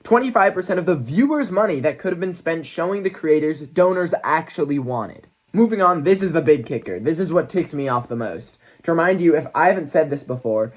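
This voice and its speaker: A young man with a somewhat high voice rants in a deadpan, mock-serious way, as if exposing a scandal. He keeps up an earnest, aggrieved tone that is plainly satire. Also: fairly quick, few pauses. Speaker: YouTube creator.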